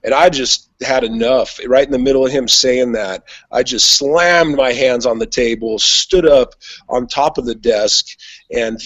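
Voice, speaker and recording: A blunt man telling a story in casual podcast talk, profane and heated, at a mid-range pitch. His voice comes through a dull, lo-fi recording with a dry, close sound and no room around it. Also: a little slow, a bit bright, no room sound.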